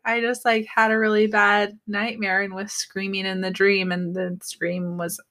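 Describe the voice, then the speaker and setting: A woman's voice: mid-range voice, moderate pace, hardly any pauses. A young woman in casual chat, telling a story with lots of acted-out quotes. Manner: animated storyteller acting out quotes.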